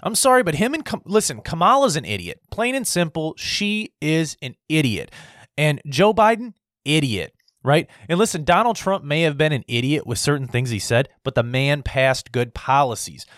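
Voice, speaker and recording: A man's voice: a little high, very animated, moderate pace, a bit bright, dry recording, studio quality. A man delivering a blunt, combative opinion rant, repeating himself and swearing as he goes. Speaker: political commentator. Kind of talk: ranting opinion monologue.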